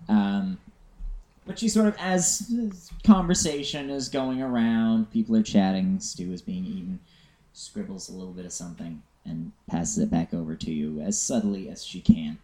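A woman's voice: very deep voice, moderate pace, mellow. A woman narrating and running a tabletop game as game master, laughing often as she narrates. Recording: echoey room.

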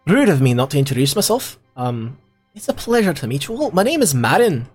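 Tabletop NPC: a man putting on a calm, wistful Scottish-brogued young woman who wanders the wilds with crows. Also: fairly high pitch, brisk, slightly rough, faint music behind. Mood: friendly. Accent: put-on heavy Scottish brogue. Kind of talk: tabletop role-play character voice.

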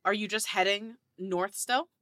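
A woman's voice: medium pitch, fairly even intonation, unhurried, a bit bright, no echo, studio quality. A woman narrating as game master of a tabletop game, casual and laid-back with fillers.

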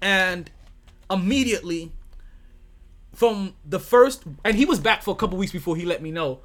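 Man hosting a podcast, high voice, loose banter, laughs a lot, swears. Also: lively intonation, moderate pace, fairly bright tone. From New York. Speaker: podcast host. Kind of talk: casual podcast chat.

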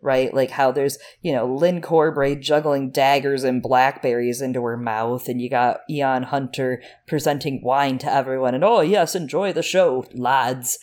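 A woman's voice: extremely low pitch, level tone, moderate pace, few pauses, darkish tone. A woman co-hosting a podcast, chatting casually with sarcastic asides. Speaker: podcast co-host. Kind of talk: casual book discussion.

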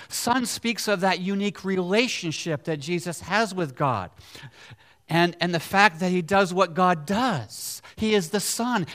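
A man's voice: high voice, a bit bright. A man preaching a sermon, emphatic, repeating key words and putting questions to the congregation. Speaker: pastor.

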